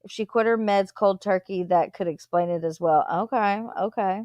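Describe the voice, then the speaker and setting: Give me a woman live-stream host chatting back to viewer comments, mid-pitched, in a dry, dead room. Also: moderate pace, a little mellow, no echo. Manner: reads viewer comments aloud and answers them chattily.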